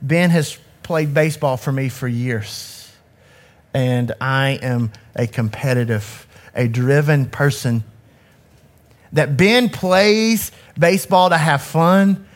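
A man in his forties, a youth ministry director, giving a candid, self-critical personal talk to an audience on a handheld mic, often restarting his sentences. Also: on the high side. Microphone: handheld microphone.

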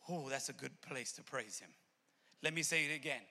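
A man preaching a sermon in a church, swinging between loud shouted peaks and low intimate asides, with a gravelly voice. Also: moderate pace. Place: church sanctuary. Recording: long reverb of a church hall.

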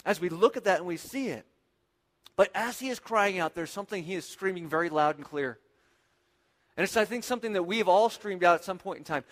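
Man preaching in a big echoing room. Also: high voice. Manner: preaching with surges of intensity and quiet reflective passages. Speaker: pastor. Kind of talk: sermon.

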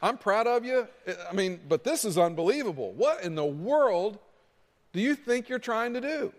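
A man's voice: sits high, very animated, normal speed, in a large hall, voice pushed up. A preacher acting out an incredulous older man who scolds his son-in-law. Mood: exasperated. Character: exasperated older man, a visiting father-in-law.

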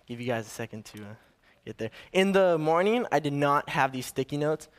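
A young man with a fairly high voice preaching his first sermon. He tells a family story casually and a bit nervously, restarting his sentences. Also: expressive, fairly quick.

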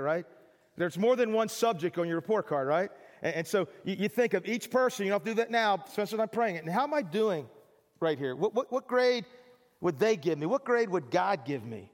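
A man with a high voice preaches to his congregation in a loose, chatty way and acts out small everyday scenes for laughs. His words ring out with the long reverb of a church hall. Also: expressive, fairly quick. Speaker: pastor. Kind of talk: sermon.

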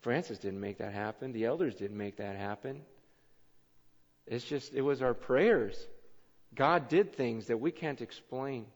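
A man preaching a sermon as pastor, telling stories with much repetition and swinging between loud excitement and hushed earnestness. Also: medium pitch, a little slow. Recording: muffled hall recording with long reverb.

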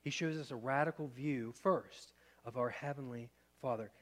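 Guy pastor giving a sermon, chatty, asks the crowd stuff, goes loud then quiet. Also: mid-range voice, normal speed. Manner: conversational, rhetorical questions, shifting loud and soft.

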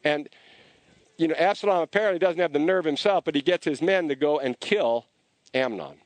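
Animated man preaching, slightly high voice. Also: brisk, dry recording. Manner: animated, frequent restarts. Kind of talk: conversational sermon storytelling.

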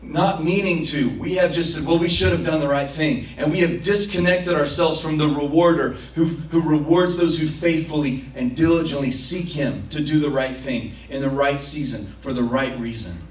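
A man's voice: a little high, moderate pace, hardly any pauses. A man preaching a sermon as pastor, passionate and acting out prayers and imagined quotes, recorded in a church. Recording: roomy, from a distance.

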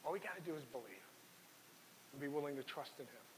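With a medium-pitched, expressive voice and a fast pace, a pastor delivers a heartfelt sermon that mixes scripture readings with his personal story. A long hall reverb and faint hiss color the audio.

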